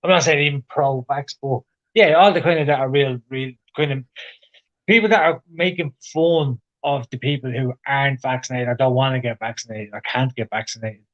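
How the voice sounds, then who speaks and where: A man's voice: mid-range voice, a little fast, fairly bright tone, dull audio. A man co-hosting a casual podcast, ranting opinionatedly and swearing. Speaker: podcast co-host. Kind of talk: casual chat.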